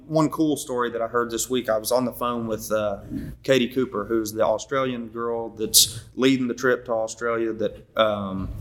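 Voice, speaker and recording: A young man leading a Bible study in a relaxed, rambling way, often stopping to correct himself. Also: on the low side, a little hiss or hum. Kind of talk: casual Bible teaching.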